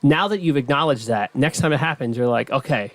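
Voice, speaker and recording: A man's voice: mid-range voice, fairly quick, fairly bright tone, no room sound. Man hosting, dry close sound. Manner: conversational, explaining, reassuring asides. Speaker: podcast host. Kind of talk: casual interview chat.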